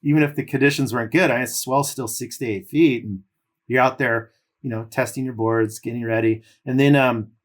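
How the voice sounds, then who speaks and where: On a podcast, a middle-aged man from California who was once a pro surfer tells long stories in a mid-range voice that's a little fast. He's easygoing, rambling, and leans on fillers.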